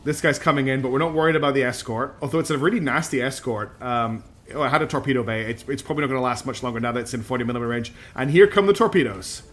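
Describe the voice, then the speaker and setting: A man's voice: medium pitch, steady tone, rapid-fire, fairly bright tone. A man streaming a strategy game, chatty and self-deprecating, thinking aloud as he plays. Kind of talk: live gameplay commentary.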